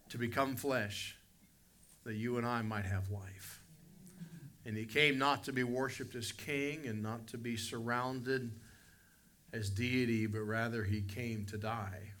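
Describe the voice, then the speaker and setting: In this sermon, a West Virginia pastor with a mid-range male voice tells a story, alternating gentle, thoughtful stretches with loud, emphatic bursts.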